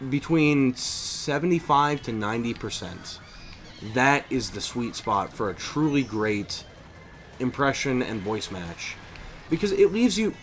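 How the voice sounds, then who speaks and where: A young man streaming a video game, chatting casually in an animated, opinionated way, with lots of fillers and restarts. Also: mid-range voice. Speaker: streamer and voice impressionist. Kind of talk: casual chat while gaming.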